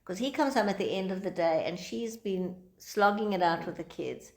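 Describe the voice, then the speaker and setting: A woman with a mid-range voice teaches a small group in a relaxed, conversational way. She keeps slipping into quoted dialogue, acting out each side of an argument. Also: mid-range voice, moderate pace. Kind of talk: informal lecture to a group.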